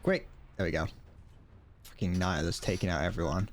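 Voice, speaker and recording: Talking a little fast in a low voice, a young man gives casual commentary to his viewers during gameplay. He laughs and curses freely as he goes.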